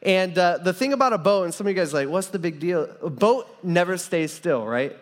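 A young man with a fairly high voice preaches in a casual, rambling way, stopping and restarting as he tells a story. His voice carries a long reverb, like a large church hall. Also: expressive, fairly quick. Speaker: pastor. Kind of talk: sermon with personal story.

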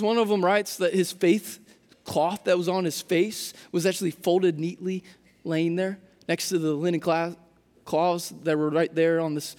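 A man preaching a sermon in a casual, animated storytelling way, often restarting his words. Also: high voice. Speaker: pastor. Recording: long hall reverb.

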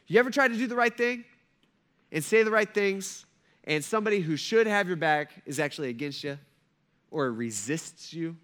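Male pastor, animated joking sermon delivery, bright forceful tone. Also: sits high. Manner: animated, joking storytelling with asides to the congregation.

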